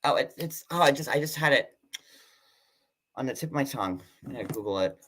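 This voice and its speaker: A man hosts a casual livestream in a chatty, sarcastic way. His voice is bright and a little sharp, and his talk is full of fillers and quick asides. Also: mid-range voice, animated, slight background noise. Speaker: host.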